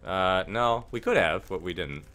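A man's voice: low-pitched, moderate pace, a bit bright. A young man hosting a let's play, reading the game's text aloud and adding wry, casual asides. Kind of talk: casual gaming commentary.

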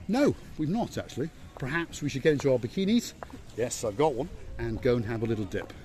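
A man at an ordinary middle pitch hosts an outdoor walking tour along a seaside promenade. He talks in a playful, jokey way and likes to repeat words for emphasis. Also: expressive, a little fast, mellow. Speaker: vlog host and tour guide.

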